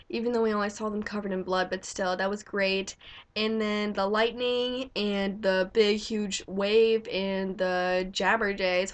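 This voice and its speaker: Young woman vlogger, excitable and chatty, gushes freely in casual talk. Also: medium pitch. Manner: gushing, chatty, lots of "like". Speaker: vlogger reviewing a movie. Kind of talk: casual chat.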